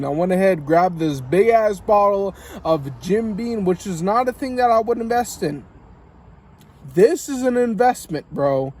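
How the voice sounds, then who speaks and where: American male vlogger, high-pitched, rambling and foul-mouthed, drinking and coughing in a vehicle. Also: a little mellow. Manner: profane, rambling storytelling. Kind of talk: casual rambling vlog monologue.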